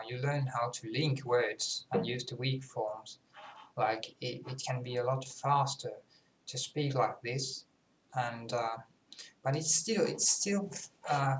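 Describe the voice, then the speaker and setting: Slow, halting Finnish man putting on RP. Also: mid-range voice, gravelly, a bit bright. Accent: Finnish speaker attempting British RP. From Finland. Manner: halting and self-conscious, many pauses. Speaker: language student. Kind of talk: casual vlog talk. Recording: roomy echo, faint background noise.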